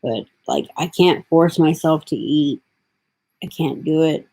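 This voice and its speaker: Slow, gravelly-voiced woman vlogger. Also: deep voice, fairly even intonation, mellow, low-quality recording. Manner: rambling, drifting, full of fillers. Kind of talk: casual vlog talk.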